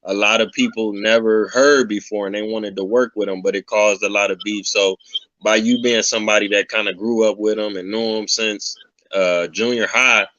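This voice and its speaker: A man's voice: lowish voice, pushed and bright, dry recording, dull audio. A man hosting a casual interview, asking questions and affirming with "you know what I'm saying". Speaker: interview host.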